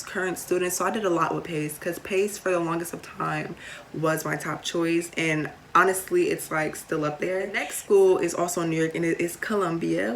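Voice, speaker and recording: A woman's voice: on the low side, fairly bright tone, slight background noise. A young woman, chatting casually to camera with lots of fillers and playful asides. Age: late teens. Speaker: vlogger.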